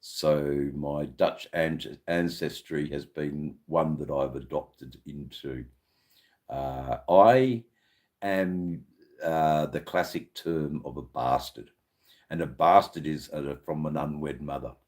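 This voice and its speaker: A man's voice: a bass voice, slow pace, a little mellow. A man with an Australian accent, hosting a live stream and chatting casually with viewers in a rambling, sweary, laid-back way. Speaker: livestream host.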